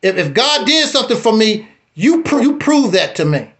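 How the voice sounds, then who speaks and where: A fairly quick, high-pitched man tells his own story on a live stream, animated and repetitive. Then, bluntly, he challenges the other speaker.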